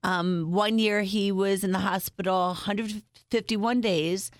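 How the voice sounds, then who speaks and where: A woman's voice: mid-range voice, steady tone, slow, dry recording, clean studio sound. A middle-aged woman guest telling personal stories in an interview, frank and upbeat, using humor. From Springfield, United States.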